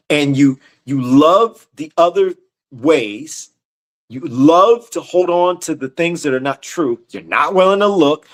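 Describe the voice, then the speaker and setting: Blunt, slangy man preaching with a higher voice. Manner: blunt, emphatic, repeats phrases, slangy street talk; reads scripture slowly in a raised, declaiming voice. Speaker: Bible study teacher. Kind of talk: informal preaching with scripture reading.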